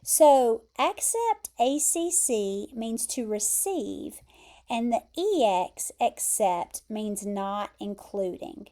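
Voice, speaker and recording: A woman with an American accent teaching English vocabulary, explaining word pairs carefully and repeating pronunciations clearly. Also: mid-range voice, lively intonation, slow, mellow. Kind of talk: vocabulary lesson.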